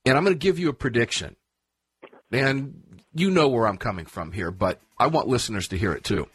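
A male talk radio host with a slightly husky voice and a sarcastic, emphatic way of talking. He speaks into a dry, close studio mic. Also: mid-range voice, expressive, fairly quick, fairly bright tone, no echo.

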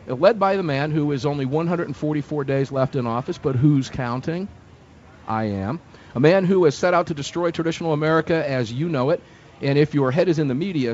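A man's voice: medium pitch, a little mellow, highs cut off, slight background noise. A man hosting a live talk radio show from a fair booth, speaking in an emphatic, indignant, opinionated way.

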